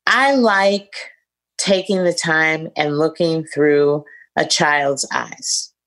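Middle-aged woman podcast host, low-pitched, effusive and reflective. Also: extremely slow, a bit bright. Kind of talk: casual podcast chat.

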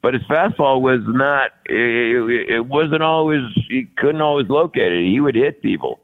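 A man's voice: mid-range voice, moderate pace. A man in his sixties, a guest actor, telling stories in a rambling, casual way with many restarts and chuckles. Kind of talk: casual storytelling. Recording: lo-fi, phone-like sound.

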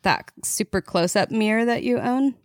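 A woman's voice: on the high side, moderate pace, no echo, clean studio sound. A woman in a casual podcast chat, explaining herself in an earnest way. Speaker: podcast regular.

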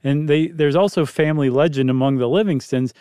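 Guy cohosting a chatty podcast, smooth clear voice, dry close sound. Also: fairly high pitch, fairly quick, dark tone, no room sound. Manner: chatty, explains history with acted quotes. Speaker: podcast co-host. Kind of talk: casual chat.

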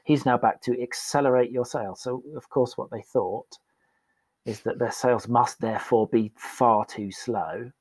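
A man's voice: medium pitch, fairly even intonation, normal speed, breathy edge, dry recording, rough recording. A man telling a candid, self-deprecating story as a guest in a casual podcast interview. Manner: candid and self-deprecating, acts out quoted voices.

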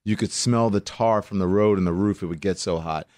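A man from Louisiana with a mild Southern accent, a guest in a casual interview, telling stories in an animated way and acting out the voices of the people he quotes. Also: sits low, a little fast, no room sound, clean studio sound. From Louisiana, USA.

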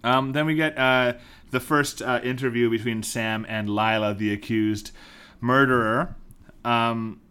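A man co-hosting a podcast, recapping a TV episode in casual chat, animated and swearing, mimicking characters as he goes. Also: mid-range voice, measured pace, smooth. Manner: animated, swears, puts on voices to mock characters. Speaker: podcast co-host.

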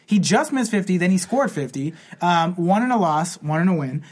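A man's voice: sits high, animated, moderate pace. A man hosting a casual podcast, steering the talk with questions and moving it to new topics. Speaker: podcast host leading the topics. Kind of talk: casual chat.

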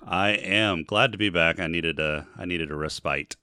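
A man's voice: deep voice, normal speed, pushed and bright, clean tone, dry recording, studio quality. A man co-hosting a casual gaming podcast, easygoing with hesitant fillers. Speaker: podcast co-host.

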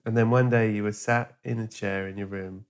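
A man hosting a podcast, telling a deadpan, sweary comic story and acting out characters in a hushed voice. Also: lowish voice, a little fast, clean tone. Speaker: podcast host.

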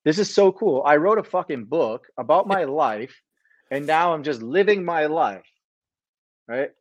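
A male podcast guest in a casual conversation, relaxed and upbeat, with lots of filler words. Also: on the high side, measured pace. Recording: dull muffled sound.

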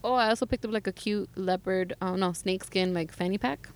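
A woman's voice: medium pitch, brisk. A woman in her thirties telling travel stories in casual chat, saying "like" constantly. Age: 30s. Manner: chatty, heavy use of "like". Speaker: guest sharing travel stories.

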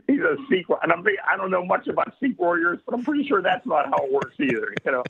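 Casting: husky man, chatty storyteller, thin telephone-band sound. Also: high voice. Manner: rambling, laughing often, many fillers. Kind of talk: casual anecdote telling. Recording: tinny phone-like radio line.

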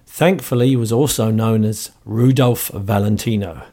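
A man with a New Zealand accent hosting a podcast in casual chat, slightly hoarse, upbeat and chatty with a lot of ums and uhs. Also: lowish voice, moderate pace, dark tone. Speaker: podcast host.

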